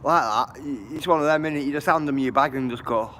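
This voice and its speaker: A man's voice: a little high, quick pace, hardly any pauses, a bit bright, a little hiss or hum. A man chats and jokes with viewers on a walking livestream, laughing often, filming outdoors on a handheld phone. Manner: jokey, chatty, laughs often, talks to viewers. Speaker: livestream vlogger. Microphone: handheld phone camera.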